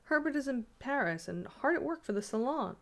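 A woman reading aloud, voicing a cheerful young husband who talks in a brisk, plain-spoken way. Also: sits high, lively intonation, voice pushed up. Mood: fond.

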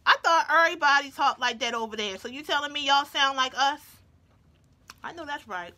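A woman's voice: high voice, a little fast, pushed and bright. A woman vlogger chatting playfully to her viewers while she eats, talking between bites. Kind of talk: casual chat to viewers while eating.

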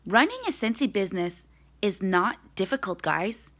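A young woman speaks to her team live over a phone or webcam from home. She is blunt and direct, and she pushes her listeners to stop making excuses. Her voice sits at an ordinary middle pitch. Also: expressive, moderate pace, a bit bright. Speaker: direct sales team leader.

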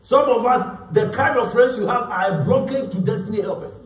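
A man's voice: high-pitched, fairly quick. A man preaching a sermon as pastor, emphatic, repeating words and acting out quotes. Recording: echoey room, voice from far off.

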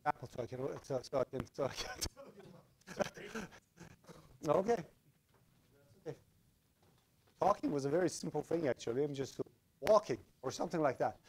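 A man's voice: a little high, animated, moderate pace, pauses often, darkish tone, husky. Lecturing man checking in with students. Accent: Iranian. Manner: explains with everyday examples, checks understanding often. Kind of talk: university lecture.

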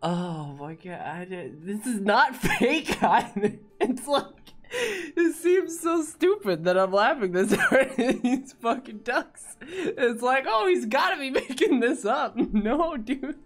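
Woman streamer, excitable and profane, unhurried delivery, very lively pitch. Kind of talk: live-stream game reaction.

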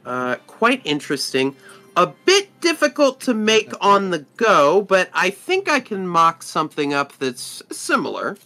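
A man narrating as game master of a tabletop game, slow and halting with many fillers. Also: high voice, wildly swooping pitch, sharp tone, soft background music.

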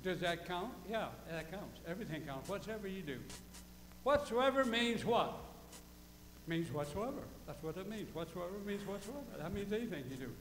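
A man's voice: high-pitched, lively intonation, a little fast, hardly any pauses, echoey room, in a large hall, slight background noise, poor audio. A male pastor preaching a folksy sermon, quizzing his congregation and repeating key phrases for emphasis. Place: church sanctuary.

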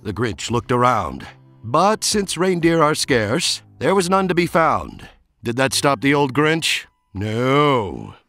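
A man reading a rhyming children's book aloud, animated and expressive, stretching out repeated words. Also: medium pitch, slow pace, no room sound, soft background music. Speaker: storybook reader.

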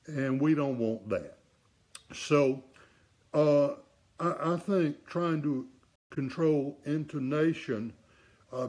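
A middle-aged man walking through saxophone repair in a relaxed hands-on lesson. He talks bluntly and emphatically and tosses in rhetorical jabs. His voice sits at a middle pitch for a man. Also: slightly rough. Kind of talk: casual demonstration lesson.

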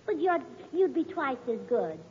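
A high, lively woman's voice with a scatterbrained, chirpy charm, pure 1940s radio comedy. Her pitch leaps around as she talks. The sound is dull and lo-fi, with a faint hall ring and soft hiss. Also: normal speed.

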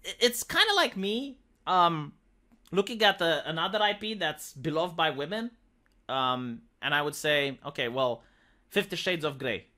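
A man's voice: fairly high pitch, lively intonation, unhurried, sharp tone. A man ranting sarcastically in an opinionated commentary, peppering his talk with "like". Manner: sarcastic, ranting, heavy use of "like". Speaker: commentary channel host.

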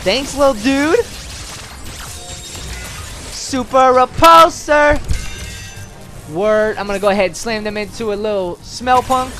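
An excitable dad narrates a video game run while coaching his son. He swings between low asides and loud yelps when things go wrong. Game music sits faintly underneath. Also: a little slow, pauses often. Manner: animated, yelps and shouts at setbacks. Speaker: gameplay video host, dad. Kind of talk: excited let's-play commentary.

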